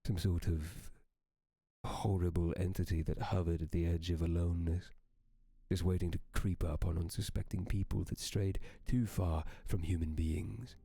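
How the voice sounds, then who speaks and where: A man with a very deep, gravelly voice reads a horror story aloud in slow, steady storytelling. His tone is dark and warm, and the sound is close and dry. He reads as a streamer for his audience. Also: dry recording.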